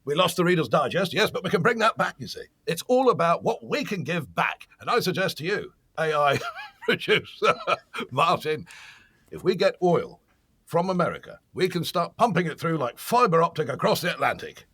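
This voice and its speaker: A man playing a boozy, blustering middle-aged British politician with a British accent, raspy and laughing often in a comedic interview. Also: fairly high pitch, big pitch swings, moderate pace, fairly bright tone, full character voice. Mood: cocky.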